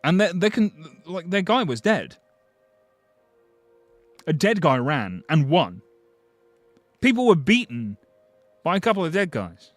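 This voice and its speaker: A man's voice: on the high side, big pitch swings, a little slow, pauses often, dry recording, soft background music. Blunt, sardonic man streamer swearing freely. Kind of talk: casual live-stream chat answering viewers.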